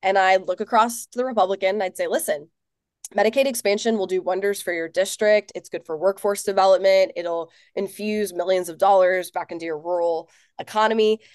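A woman in her thirties from Tennessee, a political organizer telling her story as a guest in an office, earnest and animated with lots of fillers. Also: medium pitch, a little fast, no room sound, clean studio sound. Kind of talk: casual interview.

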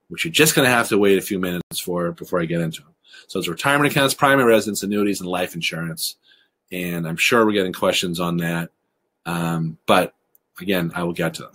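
A man presenting a recorded webinar, talking quickly and explaining things briskly. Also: deep voice, a bit bright, a little hiss or hum. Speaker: webinar presenter on college financial aid.

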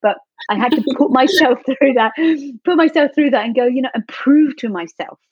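A woman's voice: high-pitched, normal speed, husky, no room sound. A woman guest telling her personal story in a heartfelt, earnest way, easily moved. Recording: dull lo-fi dry sound.

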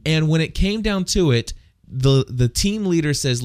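A man's voice: fairly high pitch, animated, unhurried, darkish tone. A man co-hosting a casual Christian discussion podcast, telling stories in a plain-spoken way and often restarting his sentences. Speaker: podcast co-host.

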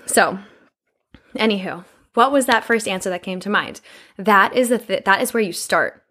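A woman's voice: medium pitch, expressive, unhurried, a bit bright. A woman in her twenties hosting a podcast, talking in a casual, profane, effusive way about self-love, a little out of breath. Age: 20s. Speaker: podcast host. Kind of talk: casual self-help monologue.

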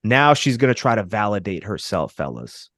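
A man's voice: fairly low pitch, sing-song, normal speed, a bit bright, no echo, clean studio sound. Emphatic man coaching listeners on dating. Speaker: podcast co-host giving dating advice. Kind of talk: casual podcast chat.

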